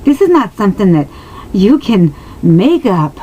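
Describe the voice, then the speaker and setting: A woman's voice: mid-range voice, big pitch swings, measured pace, mellow, slight background noise, poor audio. A woman telling a personal story straight to her viewers, earnest and emotional, rambling with many restarts and asides. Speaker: vlogger answering viewers.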